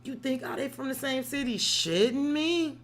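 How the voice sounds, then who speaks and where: A woman's voice: sits high, little pitch movement, quick pace. Salty, chatty woman reading tarot. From South Side of Chicago. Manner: chatty, digressive, salty, swears freely. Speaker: tarot reader. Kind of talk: casual livestream tarot reading.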